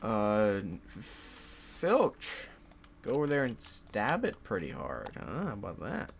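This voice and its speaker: A young man with a lowish, creaky voice and wildly swooping pitch speaks slowly, with a little hiss or hum in the audio. He casually commentates his solo board game, swearing, laughing and talking to his pieces.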